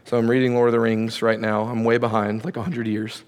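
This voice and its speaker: A man preaching a sermon as pastor, animated and playfully sarcastic as he retells a story. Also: medium pitch, fairly quick, clear, resonant tone, in a large hall. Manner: animated, playful sarcasm when quoting God.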